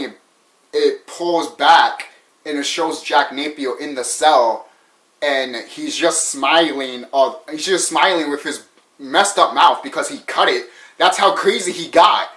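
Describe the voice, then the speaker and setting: A man's voice: on the high side, fairly bright tone, reverberant. A young man casually talking to his viewers about a fan theory, rambling, stumbling over his words and restarting sentences. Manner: rambling, stuttering and restarting, says so himself. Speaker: vlogger sharing a fan theory. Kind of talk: casual rambling talk to camera.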